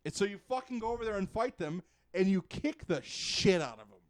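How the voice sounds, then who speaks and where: A man's voice: sits high, expressive, a little fast, a crowd in the background. A young man co-hosting a podcast, ranting about a game in an exasperated, sarcastic way and swearing a lot. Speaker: podcast co-host. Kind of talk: casual game review rant.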